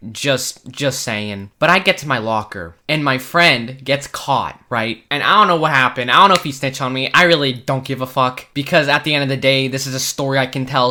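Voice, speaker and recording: A young man spins a casual, profane story, his voice bright and edged, leaping from hushed mutters to excited high bursts. He talks loosely with plenty of restarts and asides. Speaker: storytime video creator.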